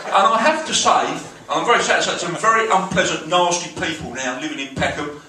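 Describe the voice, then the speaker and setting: A South London man in his forties doing crude, self-deprecating stand-up in a dry, deadpan way. His voice sits fairly high and booms around a reverberant comedy club. The mic catches him from a distance, with clatter and noise in the room. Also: a little fast.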